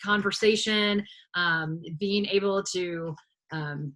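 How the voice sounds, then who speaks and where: A woman's voice: medium pitch, slow pace, a bit bright. A woman presenting a live online workshop on a video call, talking with many fillers and restarts.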